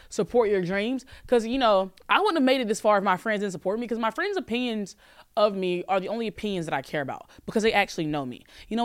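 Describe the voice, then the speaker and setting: A woman in her twenties hosting a podcast, chatting casually and answering calls with animated, profane, joking rants. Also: medium pitch, clean tone. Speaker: podcast host.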